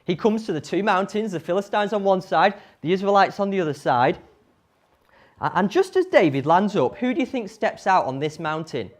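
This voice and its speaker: A woman tells a Bible story to children with animated energy and frequent questions to her listeners. Her pitch moves widely and expressively. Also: moderate pace. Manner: animated, asks the audience questions.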